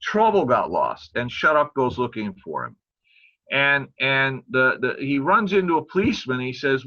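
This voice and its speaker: Older pastor, bright lo-fi voice. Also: male voice, medium pitch, very animated. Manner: storytelling, halting, loses his place in jokes. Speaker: pastor and guest father. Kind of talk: casual podcast conversation.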